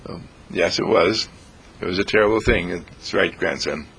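A man voicing a rich, lonely old grandfather in a gruff, weary, grumbling way, with a gravelly, husky voice. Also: deep voice, moderate pace, a bit bright, slight background noise. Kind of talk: storytelling.

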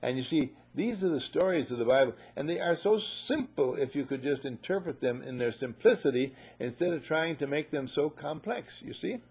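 A man preaching a sermon to a live audience, animated, acting out voices and often saying "you see", heard on a muffled lo-fi recording. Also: on the high side, moderate pace, hardly any pauses, husky.

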